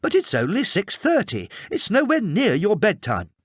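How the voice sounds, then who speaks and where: A man's voice: high-pitched, wildly swooping pitch, moderate pace, no echo, studio quality, voice pushed up, exaggerated voice. A man voicing an exasperated mother who nags her son to go outside. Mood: coaxing. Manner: coaxing, exasperated.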